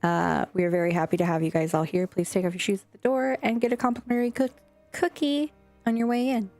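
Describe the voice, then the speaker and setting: A woman's voice: medium pitch, level tone, quick pace, a little mellow. A young adult woman streamer chatting casually and scatteredly with her chat, swearing now and then. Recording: faint music behind.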